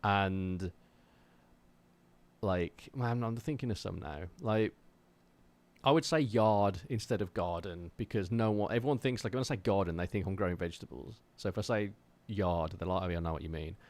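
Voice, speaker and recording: This man from Wolverhampton, England, speaks in a lowish, darkish-toned voice at a moderate pace, carrying a faint West Midlands accent. He's a drummer livestreaming his practice from his home drum room, chatting casually and self-deprecatingly with viewers.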